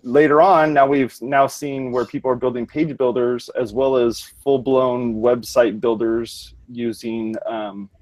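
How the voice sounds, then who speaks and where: A man's voice: medium pitch, steady tone, a little slow, few pauses, darkish tone, rough recording. A man hosting a casual podcast, upbeat and loose, with many fillers as he talks. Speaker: podcast host.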